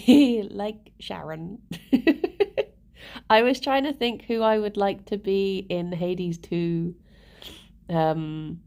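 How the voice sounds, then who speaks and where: A woman's voice: mid-range voice, drawn-out words, long pauses, dark tone. A woman live-streaming and chatting casually with her viewers, laughing often and talking to her pets. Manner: giggly, chatty, talks to pets and chat.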